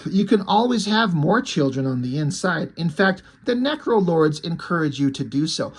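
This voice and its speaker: Cold, formal vampire official read out by a man, brisk and matter-of-fact, a little high. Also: sing-song, slightly rough.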